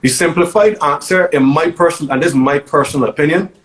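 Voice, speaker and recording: A man's voice: fairly high pitch, fast, rough recording. A man, a guest DJ telling stories in a casual interview with emphatic repeats. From Barbados. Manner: animated storytelling, emphatic repeats.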